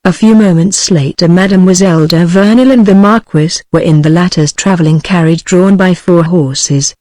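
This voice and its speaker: A synthetic woman's voice with a British English accent, reading a classic novel aloud in an even, steady manner. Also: fairly low pitch, normal speed, no echo. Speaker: audiobook narrator. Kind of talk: synthetic audiobook narration.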